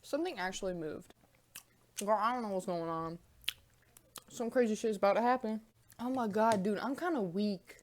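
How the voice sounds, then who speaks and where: In a casual mukbang vlog at home, a young woman talks while eating, rambling, swearing and bantering animatedly. Her voice is medium-pitched at a normal speed with frequent pauses, and there's slight background noise.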